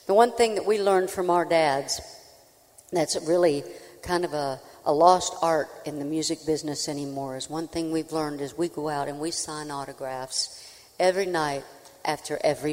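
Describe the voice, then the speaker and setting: A woman, a country singer, telling a folksy, animated comic story on a live stage before an audience. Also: sits low. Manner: folksy, animated, with acted-out voices. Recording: reverberant live hall.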